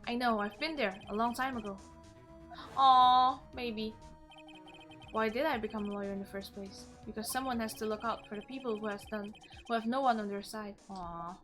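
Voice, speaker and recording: A woman streamer reading game dialogue aloud, expressive and animated, with casual asides. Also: on the high side, normal speed, pauses often, faint music behind.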